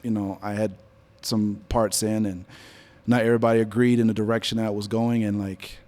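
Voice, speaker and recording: A man in his forties, a business leader speaking before a live audience in an on-stage interview, telling stories in a relaxed, conversational way and getting animated when he quotes other people. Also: on the low side, normal speed. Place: event venue before an audience.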